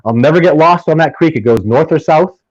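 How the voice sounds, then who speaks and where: A man guesting on a casual interview, telling stories in an animated, emphatic way and often restarting his sentences. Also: fairly high pitch, a little fast, no room sound. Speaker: podcast guest, field researcher. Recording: dull lo-fi dry sound.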